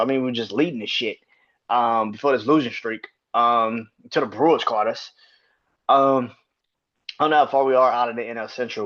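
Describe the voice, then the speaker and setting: A man's voice: mid-range voice, fairly bright tone. Man, podcast host, casual sports rant, exasperated, profane, repetitive, muffled lo-fi recording.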